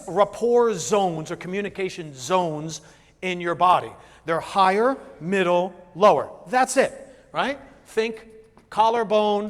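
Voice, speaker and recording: Casting note: high-voiced male seminar speaker, lively and chatty, in a big reverberant hall. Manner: animated, asks the room questions, acts out voices. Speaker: business speaker. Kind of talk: live seminar talk to an audience.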